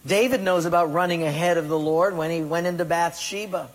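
A pastor with a fairly high voice preaches briskly in a hall with echoey reverb. He puts direct questions to the congregation and tells a joke using acted voices.

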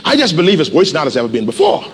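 A man pastor preaching a sermon in a church, animated and urging the congregation to respond. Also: on the high side, racing, in a large hall, a little hiss or hum. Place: church sanctuary.

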